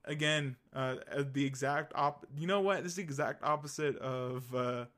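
A man's voice: on the high side, moderate pace, fairly bright tone. A young man co-hosting a podcast, talking in a rambling, enthusiastic way full of fillers and restarts. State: hiccups. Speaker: podcast co-host. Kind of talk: casual chat.

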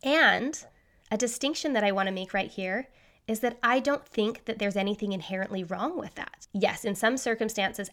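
A woman in her thirties hosting a solo podcast, talking quickly by her own account. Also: medium pitch, a bit bright. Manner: fast-talking, says so herself. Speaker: podcast host.

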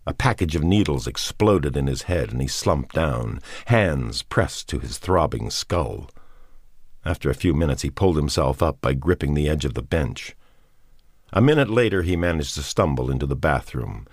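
A man narrating a novel as a scripted audiobook reading, in a measured, unhurried manner. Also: a bass voice, expressive, darkish tone, no room sound, clean studio sound.

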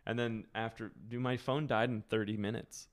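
A man's voice: on the low side, level tone, normal speed. A young man chatting casually as a podcast guest, telling rambling stories and laughing often.

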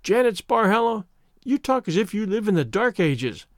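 Man reading, doing a bossy proud big sister, snooty and sharp-tongued, bouncy high voice, dry sound. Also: big pitch swings, normal speed, no room sound. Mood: scornful. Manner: imperious, scornful. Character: proud, quick-tempered young woman, elder sister.

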